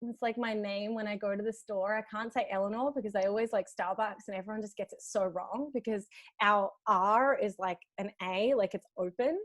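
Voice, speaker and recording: A woman with an Australian accent, chatting as a podcast guest in a lively, animated way, swearing freely and laughing often. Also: mid-range voice, normal speed, dry recording. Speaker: podcast guest, film director. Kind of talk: casual chat. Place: family home, remote call.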